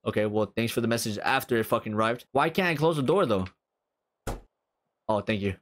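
Profane man yelling through a horror game. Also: mid-range voice, brisk, slight background noise. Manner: profane, loud outbursts, talks to game characters. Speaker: gaming streamer. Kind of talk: let's-play commentary.

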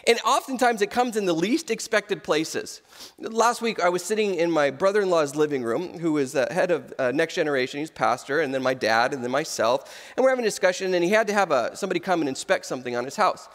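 His voice on the high side and his delivery fast, this thirty-something pastor fills the church auditorium with a big-room sound. He brings his sermon to life through animated storytelling, voicing each character he quotes.

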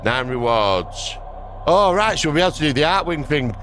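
A man's voice: fairly high pitch, sing-song, moderate pace, fairly bright tone, slight background noise. A young man, rambling and swearing casually through gameplay commentary at his desk. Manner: rambling, sweary and self-mocking. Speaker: gaming video creator. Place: home desk. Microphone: dynamic microphone at a desk.

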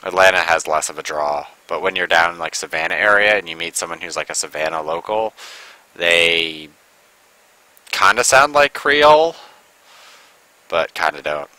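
A man's voice: low voice, normal speed, long pauses, bright, forceful tone, no room sound, rough recording. A man giving casual let's-play commentary, rambling and sarcastic, full of "like" and asides. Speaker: gameplay commentator.

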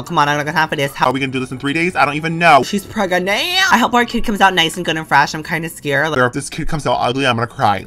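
Campy young woman with a swooping voice. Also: fairly bright tone. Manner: campy, slang-heavy, dramatic with squealing highs. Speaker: gaming YouTuber. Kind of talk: Sims gameplay commentary. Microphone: desk condenser microphone.

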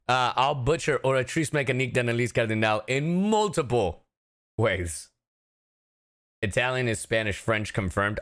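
Animated male streamer, bright lively voice. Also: mid-range voice, measured pace, pauses often. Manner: animated, chatty, talks to chat and laughs often. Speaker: voice actor streaming a reaction. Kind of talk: casual livestream chat.

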